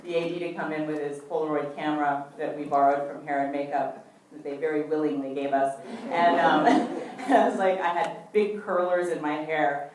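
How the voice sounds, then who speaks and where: Low-voiced woman telling a chatty anecdote in an echoey hall. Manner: chatty, acts out quoted dialogue with fillers. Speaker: actress answering fan questions. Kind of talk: casual anecdote telling at a fan Q&A. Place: event hall before an audience. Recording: echoey hall from far off, faint noise.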